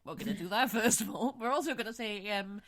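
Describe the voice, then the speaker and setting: A woman co-hosting a podcast in casual chat, animated and giggly, swearing freely. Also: mid-range voice, fast. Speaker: podcast co-host.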